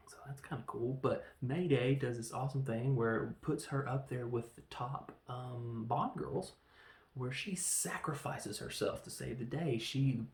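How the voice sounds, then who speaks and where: A man reviewing a film in a casual, rambling way, telling the story with animated, acted-out quotes. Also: medium pitch, gravelly. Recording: echoey room.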